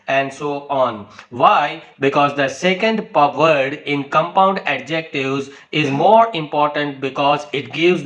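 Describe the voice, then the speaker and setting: A man's voice: fairly high pitch, fairly bright tone, rough recording. A man teaching an English pronunciation lesson, explaining step by step, spelling out syllables and checking in with "okay". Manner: tag questions and fillers like okay and you know. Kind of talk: spoken lesson.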